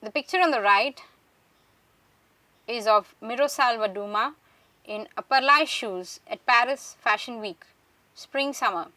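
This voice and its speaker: A woman giving a measured, scripted lecture, explaining slides one by one. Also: fairly high pitch, bright, forceful tone, no echo. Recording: voice distant from the mic.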